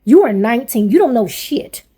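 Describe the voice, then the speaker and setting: A woman's voice: on the high side, sing-song, normal speed, dark tone, breathy edge. A woman in her forties venting angrily to camera as a parent, blunt, swearing heavily and repeating herself. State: angry. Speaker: parent vlogger.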